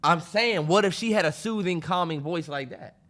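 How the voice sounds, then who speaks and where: A man's voice: high voice, moderate pace. A man co-hosting a podcast in casual chat, telling stories with joking put-on voices. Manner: animated, joking, slips into voices while storytelling. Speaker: podcast co-host.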